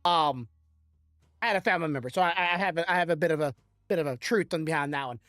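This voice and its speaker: A woman's voice: low voice, quick pace, fairly bright tone, no echo, clean studio sound. Rambling woman podcast co-host. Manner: rambling, explains with examples, laughs often. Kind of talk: casual podcast chat.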